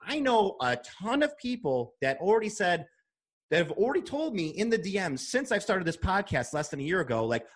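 Young guy hosting his podcast, curses a lot, gets worked up and emotional, kinda raspy. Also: high voice, very animated, fairly quick. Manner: emphatic, heavy swearing, emotional. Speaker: podcast host. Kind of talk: casual chat. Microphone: podcast microphone.

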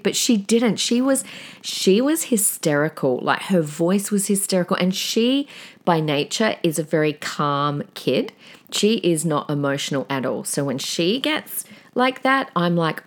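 An Australian woman in her forties, hosting a parenting podcast in a chatty, conversational monologue full of fillers and lively storytelling. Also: on the low side, moderate pace.

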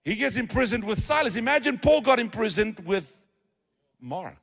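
A man preaching a sermon with a slightly raised, bright pitch. He slips from scripture reading into casual, playful storytelling. His voice rings with the long reverb of a large church hall. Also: very animated, moderate pace. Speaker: pastor.

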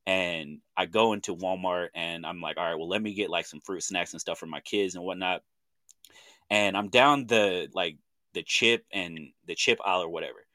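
Co-hosting a podcast, this Oklahoman man in his thirties spins a story in lively, slang-filled chat, performing the voices of the people he quotes in his Oklahoma accent. He speaks low-pitched at a moderate pace, with no echo on the recording.

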